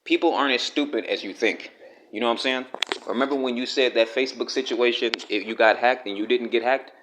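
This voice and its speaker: A man's voice: mid-range voice, steady tone, a little fast, background noise. A man with delivering a blunt, profane, scolding rant to the camera, talking straight at the person he criticizes. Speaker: commentary vlogger.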